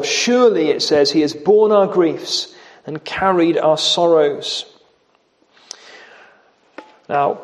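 A man preaching an expository sermon, slowing down to stress quoted scripture and repeating key words for emphasis. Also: a little high, darkish tone.

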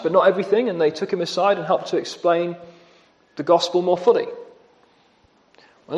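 A man preaching a sermon, emphatic, with shifts in pace and loudness for stress. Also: on the high side. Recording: long reverb of a church hall.

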